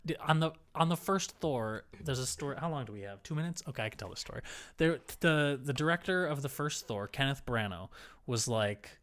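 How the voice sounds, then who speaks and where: Playful podcast host with a lively voice. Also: male voice, medium pitch. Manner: playful, teasing, quick to laugh. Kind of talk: casual podcast chat.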